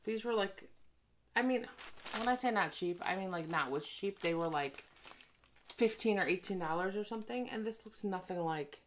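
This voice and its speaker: A woman's voice: mid-range voice, lively intonation, normal speed, background noise. A tired woman chatting casually as she reviews a haul, ranting and making self-deprecating asides. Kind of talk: casual chat.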